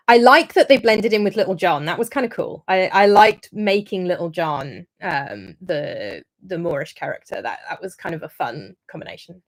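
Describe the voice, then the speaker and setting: A woman hosting a casual livestream review, talking in a chatty, rambling way with frequent ums and restarts. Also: on the low side. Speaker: historian livestream host.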